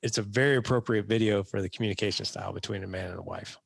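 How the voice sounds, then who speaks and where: A man as a podcast guest coaching fathers, telling stories with animated acted-out quotes in a casual interview. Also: on the low side, very fast, gravelly, breathy edge, dry recording. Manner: animated storyteller, acts out quotes in raised voice.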